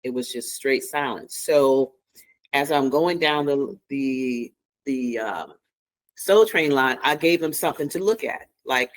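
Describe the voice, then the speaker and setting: Brief: a man of middle pitch telling his story to an interviewer, halting, restarts, present-tense narration. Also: low-quality recording. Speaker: interview guest, former staffer. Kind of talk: first-person recounting in an interview.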